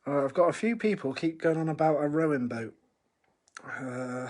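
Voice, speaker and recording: A man's voice: fairly high pitch, moderate pace, a little mellow. A man hosting a live online interview, reading out viewer questions and laughing along. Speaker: interview host.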